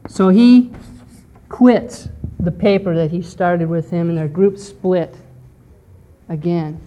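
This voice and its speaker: A woman teaching a history lesson to a class, explaining step by step and often pausing to check in with "okay". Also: fairly low pitch, warm tone. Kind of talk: lecture on church history.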